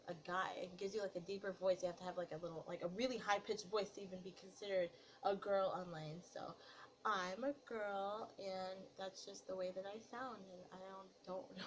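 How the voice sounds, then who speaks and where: A woman in her twenties from Italy with a nasal, somewhat deep voice, chatting casually and rambling with lots of fillers in a get-to-know-me video. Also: brisk, slight background noise, low-quality recording. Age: 20s. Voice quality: nasal, deeper voice. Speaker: vlogger.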